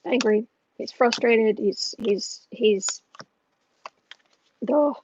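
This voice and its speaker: A woman's voice: fairly high pitch, very slow, a little mellow, muffled recording, slight background noise. A woman reading astrology and tarot on a casual home livestream, musing and thinking aloud as she goes.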